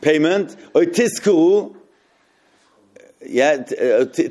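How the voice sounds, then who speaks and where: A man leading a group text study, reading passages aloud slowly and then explaining them and puzzling over them. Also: fairly high pitch, animated, darkish tone.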